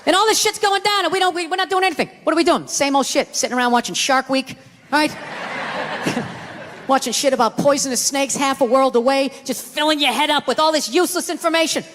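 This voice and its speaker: A man doing a loud, profane stand-up routine on a comedy stage. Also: very high voice, fairly quick, big-room sound, background noise. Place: comedy stage with a live audience.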